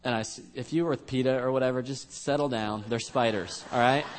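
A pastor delivering a sermon in church, chatting and joking with the room as he tells a story about his family. He is a man whose voice sits at an ordinary pitch for a man, and his manner is relaxed and conversational. He speaks into a stage microphone. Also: brisk, a little hiss or hum.

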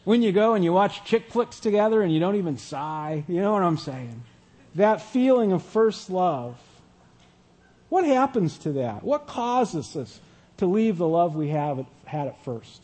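High-voiced man preaching conversationally. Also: big pitch swings, a little slow, a little mellow. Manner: conversational, asks the audience questions. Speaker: pastor. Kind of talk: sermon.

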